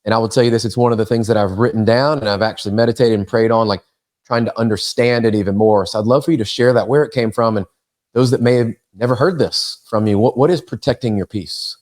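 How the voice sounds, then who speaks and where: Podcast host guy asking questions fast, earnest and thoughtful. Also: on the low side, fairly even intonation, a little mellow. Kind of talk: interview question.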